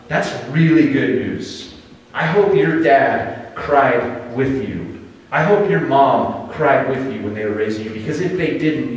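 An American man preaching a sermon as pastor, telling the story in a conversational, animated way with dramatic pauses. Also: fairly high pitch, a little hiss or hum. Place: church sanctuary. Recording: echoey hall, distant mic.

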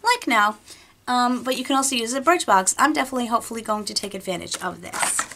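A middle-aged woman vlogging casually as she unboxes a beauty box, chatty, excitable and rambling. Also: a little high, fast talker, noisy background.

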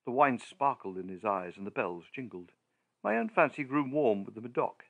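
A male audiobook narrator with a mid-pitched voice, reading a gothic tale at an unhurried, deliberate pace. Every sentence is shaped and paced with care. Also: very animated, creaky, muffled recording.

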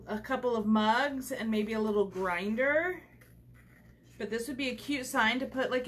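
A woman's voice: on the high side, a bit bright, slight background noise. A woman chatting casually while demonstrating a craft on a livestream, rambling with many fillers, recorded at home on the camera mic.

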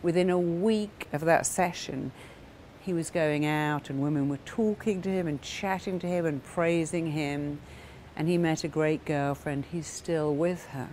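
A middle-aged woman therapist giving a motivational talk, telling client stories in a lively way and acting out the voices of the people in them. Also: sits low, unhurried, slight background noise. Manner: animated storytelling that acts out quoted voices.

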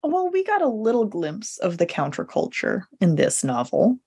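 Lively, husky-voiced woman host. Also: mid-range voice, normal speed. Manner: friendly, giggly, enthusiastic reader. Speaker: podcast host. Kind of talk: casual podcast interview.

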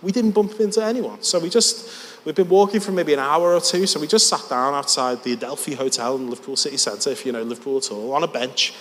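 A man's voice: fairly high pitch, fast, fairly bright tone. A man preaching a sermon in a church hall, telling a story in a conversational, self-deprecating way. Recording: long church reverb.

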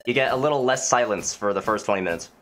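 A man's voice: mid-range voice, quick pace, fairly bright tone, faint music behind. A man hosting a game playthrough, reading the dialogue and adding sarcastic, joking asides. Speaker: let's play host. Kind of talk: gameplay commentary and reading dialogue aloud.

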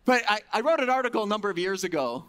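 A middle-aged man speaking at a faith conference, telling stories with big swings from loud to hushed. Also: sits high, rapid-fire, smooth. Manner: animated storytelling with big swings in loudness. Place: conference hall.

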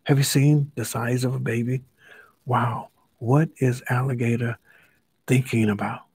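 Slow, husky man reading a kids' story. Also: medium pitch, fairly even intonation, darkish tone, no room sound. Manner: playful, asks the listener questions. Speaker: Bible study teacher. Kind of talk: reading a children's story aloud with commentary.

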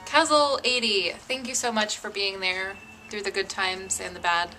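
Bright, playful woman chatting at home. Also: medium pitch, fairly even intonation, normal speed, soft background music. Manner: playful, laughing easily. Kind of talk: casual chat.

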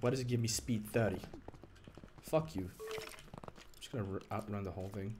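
A young man streams a game and commentates live at a normal speed, frustrated and swearing as he complains. He swings between low mumbling and sudden shouting, with game music playing behind his voice.

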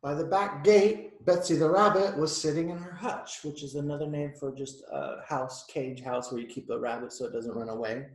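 A man's voice: fairly high pitch, moderate pace, hardly any pauses, echoey room, poor audio. A male teacher reading a picture book aloud to children, stopping to explain the pictures and ask them questions. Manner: chatty, explains the pictures, asks the kids questions.

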